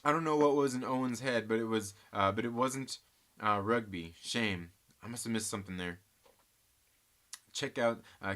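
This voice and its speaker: A man with a bright, forceful voice at a middle pitch hosts a casual live stream. He reads viewer comments aloud and rambles through his thoughts, often restarting his sentences. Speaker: host of a live movie chat stream.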